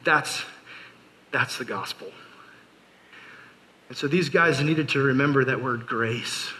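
A man's voice: mid-range voice, slow, pushed and bright, rough recording. A man preaching a casual youth sermon, chatty and storytelling, full of fillers and joking asides. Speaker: youth pastor.

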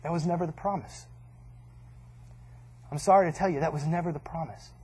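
A man gives a casual, conversational sermon in a fairly high voice. His tone is husky, and he jokes along the way and acts out what people say. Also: fairly quick, darkish tone. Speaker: pastor.

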